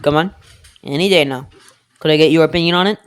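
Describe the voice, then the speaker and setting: Low-voiced woman rambling through a cooking vlog. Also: quick pace, clear, resonant tone. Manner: rambling, jokey, keeps saying "anyway"; talks to self and the viewer. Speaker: home cooking vlogger. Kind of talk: casual cooking video chat.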